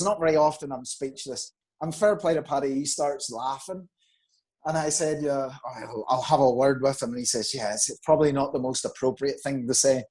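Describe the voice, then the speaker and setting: A man, a guest on a video call, telling animated anecdotes and acting out quoted lines. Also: a little high, low-quality recording. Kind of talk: casual storytelling.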